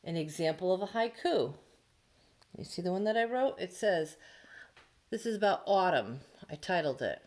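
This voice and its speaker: A woman teacher recording a remote lesson for her young pupils from home, speaking into her laptop mic. Her voice sits a little low, and she goes slowly and patiently, walking through each step. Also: animated, darkish tone. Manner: slow, patient, explaining step by step. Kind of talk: remote class lesson for children. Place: home, near the dining room.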